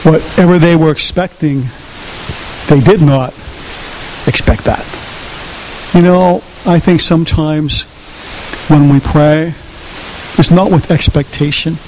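A male pastor preaching a sermon in an animated way, repeating phrases and asking his listeners questions, in a reverberant hall with faint hiss. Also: fairly high pitch, slow pace, long pauses. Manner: animated, repetitive, asks the audience questions.

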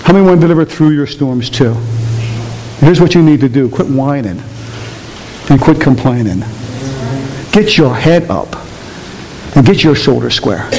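A man's voice: medium pitch, a little mellow. A man preaching a sermon to his church, emphatic and rising, throwing questions at the congregation. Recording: long reverb of a church hall.

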